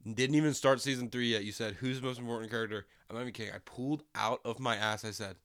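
A young man in casual podcast chat, animated and jokey, often talking over his friend. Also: mid-range voice, fast talker, no echo, studio quality.

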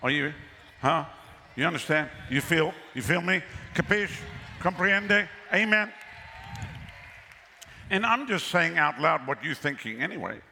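A male pastor preaches at a moderate pace with a gravelly, bright, forceful voice pitched a little high, expressively exclaiming and prompting the crowd for responses. His sermon in an outdoor pavilion with a crowd rings with long reverb over faint ambient noise.

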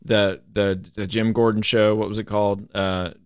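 A man with a fairly low voice rambles through his point on a podcast, stopping often for fillers. The sound is close and dry, with no room around it. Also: little pitch movement, moderate pace, clear, resonant tone, dry recording. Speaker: podcast co-host. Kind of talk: casual chat.

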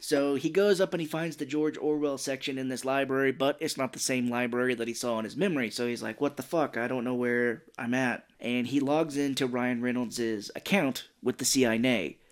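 This man co-hosts a podcast and recaps a film in loose, casual talk. He bounces through scenes and drops into quick quoted lines from the characters, swearing as he goes. His voice sits at an ordinary middle pitch. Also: fairly even intonation. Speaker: podcast co-host. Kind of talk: casual movie recap chat.

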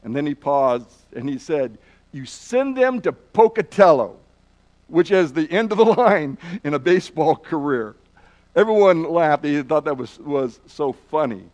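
A man's voice: on the high side, animated, darkish tone. Man telling a story in a lesson. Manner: dramatic retelling with pauses and restarts; repeats words while telling. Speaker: Bible teacher.

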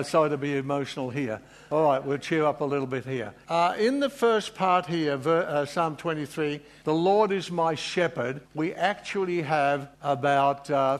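Emotional, chatty male preacher. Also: a little high. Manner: emotional, informal, self-deprecating with frequent fillers. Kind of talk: sermon.

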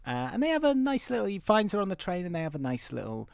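A man's voice: high voice, huge pitch swings, fast, gravelly, smooth, dry recording, clean studio sound. A man co-hosting a podcast, casually recapping a film plot and acting out little quotes. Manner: chatty storyteller, acts out quotes. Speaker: podcast co-host.

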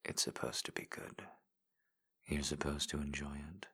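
A man in a whispered role-play, giving slow, coaxing encouragement with repeated phrases in a deep, husky whisper. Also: level tone, pushed and bright. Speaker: intimate audio performer.

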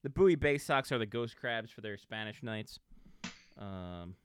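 A man co-hosting a hockey podcast in casual chat, swearing freely and rambling, often trailing off quietly. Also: on the low side, expressive, a little slow, a little hiss or hum. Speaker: podcast co-host.

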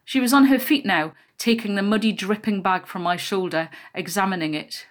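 A woman narrating a first-person memoir in a quiet, measured storytelling voice. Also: medium pitch.

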